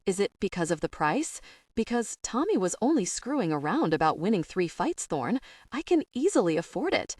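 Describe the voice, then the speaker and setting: A woman reading a gruff, fond young husband. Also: medium pitch, very animated, moderate pace, a little mellow, dry recording, studio quality. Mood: reassuring. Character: young husband, protective and teasing.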